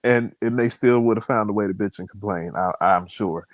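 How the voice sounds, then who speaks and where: A man's voice: on the low side, brisk, dry recording. Rambling male co-host, dry sound. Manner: relaxed, rambling, restarts often. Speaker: podcast co-host. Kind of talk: casual opinion chat.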